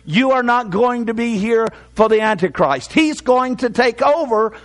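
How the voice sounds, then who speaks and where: An older man preaching a sermon as pastor, slowing for emphasis and telling folksy stories. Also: extremely high pitch, lively intonation.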